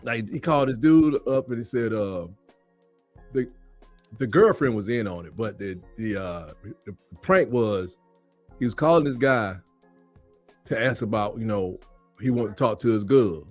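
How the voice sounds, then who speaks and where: A man co-hosting a casual sports talk show, an animated storyteller who laughs often and keeps repeating his catchphrases. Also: lowish voice, unhurried, pauses often, soft background music.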